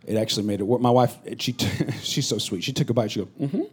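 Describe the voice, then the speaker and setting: A man's voice: lowish voice, steady tone, fast. A middle-aged man preaching a sermon in a conversational, joking style, building to emphatic bursts. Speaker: pastor.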